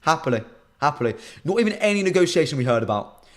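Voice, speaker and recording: A man's voice: fairly high pitch, quick pace. Chatty British man hosting a live stream. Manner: animated, reads chat comments aloud and banters with viewers. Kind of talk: casual live stream chat.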